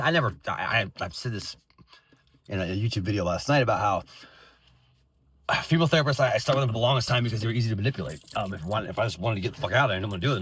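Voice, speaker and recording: A veteran vlogger in his thirties delivers an angry, unscripted rant, bitter and profane, rambling along with many restarts. His voice is fairly low, a little bright, and slightly rough.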